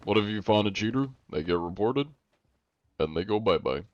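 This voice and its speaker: A man putting on a fake Russian accent to play a big sweaty Russian man, answering in deadpan broken English. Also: on the low side, normal speed, no room sound, lo-fi sound, lightly acted. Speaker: streamer.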